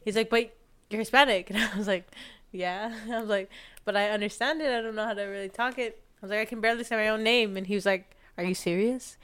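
A woman's voice: medium pitch, fairly even intonation, very fast, fairly bright tone, clear, resonant tone. A young woman co-hosting a podcast, rambling in casual chat with lots of fillers and restarts. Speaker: podcast co-host.

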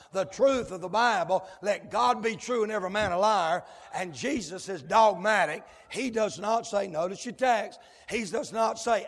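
A male preacher delivering a fiery sermon in rhythmic cadences, dotted with amens and sudden shouted whoops. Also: sits high. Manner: rhythmic cadences punctuated with amen. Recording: long hall reverb.

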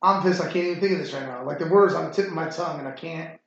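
Racing along in a high voice, a man hosts a casual sports chat podcast, rambling, swearing freely, and using lots of fillers. The room is echoey and the sound muffled.

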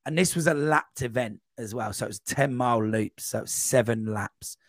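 A man guest on a podcast, telling a long, rambling running anecdote in a casual, animated way. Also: medium pitch, fairly quick, dry recording. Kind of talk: casual storytelling.

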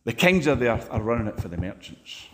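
A man preaching an impassioned sermon, swinging between loud emphatic peaks and hushed asides. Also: mid-range voice, big pitch swings, quick pace.

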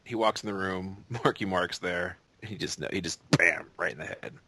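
A man's voice: sits low, moderate pace, vocal fry, husky, no echo. A man co-hosting a podcast, telling movie moments in casual chat and laughing often. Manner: laughs often, animated storytelling. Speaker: podcast co-host.

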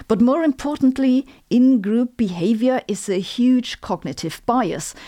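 A woman with a German accent delivers a scripted explainer like an impromptu lecture. Her voice sits at an ordinary middle pitch, and she slips dry, sarcastic jokes in between her points. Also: a little mellow. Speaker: physicist and video host. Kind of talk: scripted educational monologue.

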